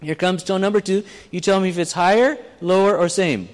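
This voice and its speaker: A man's voice: sits high, fairly even intonation, fairly quick. A man preaching a sermon to a live congregation, in a conversational, plain-spoken way with frequent restarts. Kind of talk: sermon with audience exercise. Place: church hall with audience. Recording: long hall reverb.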